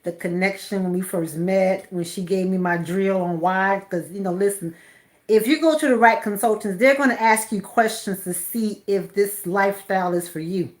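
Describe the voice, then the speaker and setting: A woman's voice: medium pitch, normal speed. A woman hosting a casual live stream, chatting and laughing with her viewers. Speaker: channel host.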